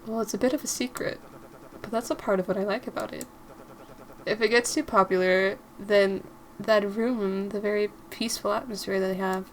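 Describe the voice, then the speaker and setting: A woman voicing a gentle, polite young man while reading a visual novel aloud, in a calm, soothing manner. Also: medium pitch, normal speed, slight background noise, close to an everyday voice.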